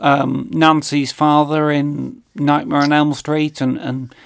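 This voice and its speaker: A man co-hosting a casual film discussion, explaining plots in a measured way with many fillers. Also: fairly high pitch, flat delivery, creaky. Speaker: film podcast co-host.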